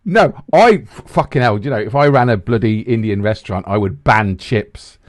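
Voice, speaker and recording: A man's voice: lowish voice, normal speed, no room sound, clean studio sound. A man from the bantering casually on a podcast as a co-host, laughing and swearing as he talks. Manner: animated, swearing, laughs often.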